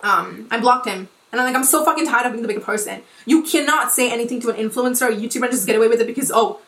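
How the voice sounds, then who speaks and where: A woman's voice: fairly high pitch, rapid-fire, fairly bright tone, distant mic. A woman in her twenties ranting in casual podcast talk, emphatic and profane, full of likes and restarts. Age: 20s. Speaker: podcast host and influencer. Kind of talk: heated casual rant. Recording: roomy echo.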